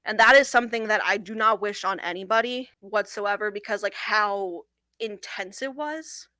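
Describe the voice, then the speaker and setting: A young woman who works on a hotline, earnestly recounting a difficult call in an interview, often pausing on "like.". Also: medium pitch, bright, forceful tone, no echo, rough recording. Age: young adult. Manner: earnest, halting, with frequent "like" fillers. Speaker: domestic violence hotline worker. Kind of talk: recounting a personal experience in an interview.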